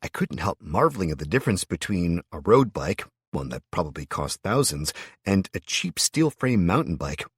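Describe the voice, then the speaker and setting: A man narrating a fantasy audiobook in the first person, in a steady storytelling manner. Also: low voice, normal speed, breathy edge, no room sound, studio quality.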